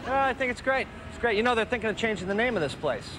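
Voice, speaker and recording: A man's voice: very high-pitched, expressive, quick pace. An actor playing a sarcastic young man making dry jokes at a friend. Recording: noisy outdoor clip.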